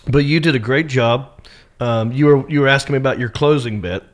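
A man from the American South chatting backstage after a comedy show. He talks in a loose, animated way, laughs often and acts out the shouts of a crowd. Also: mid-range voice, brisk. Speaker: headlining comedian. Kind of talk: casual backstage chat.

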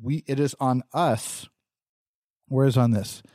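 A man co-hosting a podcast in casual discussion, reading quotes aloud and reacting to them with animated conviction. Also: medium pitch, slow, dry recording, clean studio sound. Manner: animated, reads quotes aloud and talks back. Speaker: podcast co-host.

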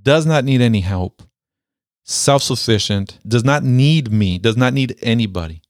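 A man telling a personal story with a military background, speaking emphatically, repeating key phrases and slowing down to stress them. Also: mid-range voice, expressive, no echo, studio quality. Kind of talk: motivational storytelling.

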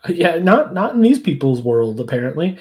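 Podcast co-host, warm and dark tone, very expressive pitch, laughs a lot. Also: normal speed. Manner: animated, laughs often, acts out quoted lines with big pitch jumps. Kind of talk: casual chat.

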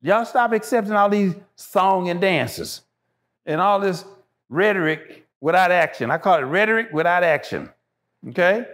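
A man's voice: sits high, expressive, moderate pace, fairly bright tone. A man, a show guest, talking passionately and emphatically, repeating phrases to drive his points home. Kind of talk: impassioned casual talk.

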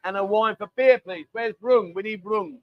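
A man's voice: sits high, fairly quick, dull audio. A man, hosting a casual live chat from a bar, bantering and reading out viewer messages. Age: 40s. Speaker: livestream host. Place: busy bar.

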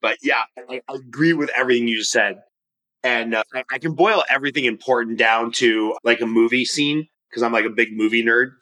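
A man guesting on a podcast, chatting casually and telling animated, rambling stories with frequent restarts. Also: medium pitch, brisk, rough recording. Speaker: podcast guest, mortgage professional and coach. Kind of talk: casual conversational podcast talk. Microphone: remote studio microphone.

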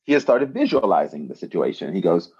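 A man in casual conversation telling an animated story, often checking in with "right?". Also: sits low, a little fast, breathy edge, dull audio.

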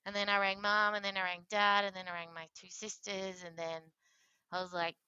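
A woman telling her own story in a candid, animated interview, often laughing and acting out what others said. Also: medium pitch, fairly quick, smooth, no room sound, lo-fi sound. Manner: animated, acts out quoted voices, laughs often. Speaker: interview guest sharing her transplant story.

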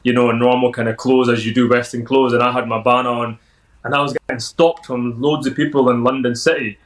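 A man's voice: medium pitch, flat delivery, fast, rough recording. A Scottish man in his thirties, a podcast guest telling upbeat anecdotes in a casual interview and laughing often. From Scotland.

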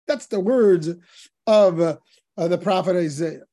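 A man, a rabbi teaching a Talmud class, telling stories in an animated way and acting out the dialogue of the sages. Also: high-pitched, measured pace. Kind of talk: Torah class storytelling.

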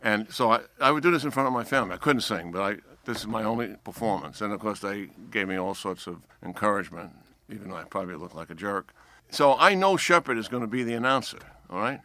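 An older man with a slight New York accent, a four-star general telling a lively anecdote as a podcast guest and acting out the voices of people in the story. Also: lowish voice, quick pace. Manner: lively storyteller who acts out quoted voices.

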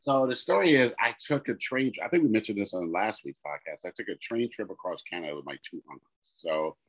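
A man co-hosting a podcast, casually telling an animated story and acting out the people in it. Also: deep voice, lo-fi sound. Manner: animated storyteller, acts out quoted dialogue. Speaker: podcast co-host.

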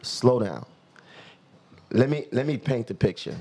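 A man's voice: medium pitch, animated, mellow, husky. Joking New man hosting. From Brooklyn, New York. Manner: joking, quick interjections. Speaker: host. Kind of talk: casual podcast chat.

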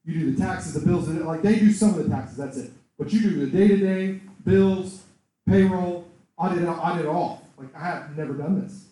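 Mellow man preaching in an echoey room. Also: sits high, normal speed. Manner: animated storytelling, acts out voices in quotes. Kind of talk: sermon with personal testimony. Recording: very echoey room, voice far from mic.

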